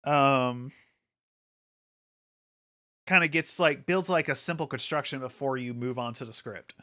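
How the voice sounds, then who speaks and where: Male streamer, bright crisp voice, rambly filler-heavy chatter, a bit wired. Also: medium pitch, measured pace. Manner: rambling with many fillers, laughs often. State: hyper from an energy drink. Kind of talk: casual livestream chat.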